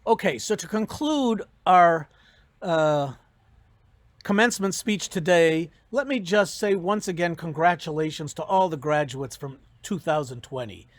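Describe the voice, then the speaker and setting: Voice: mid-range voice, animated, measured pace, dry recording. A professor giving a commencement speech, telling jokes and giving advice in a storytelling manner.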